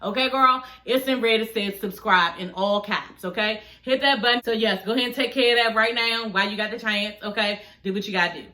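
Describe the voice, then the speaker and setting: Sassy bright-voiced woman from D.C. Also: medium pitch, fairly quick, few pauses, roomy sound, rough recording. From Washington, D.C. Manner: sassy, chatty, peppered with "honey" and "girl". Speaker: YouTube reality TV reviewer. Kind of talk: casual recap chat to camera.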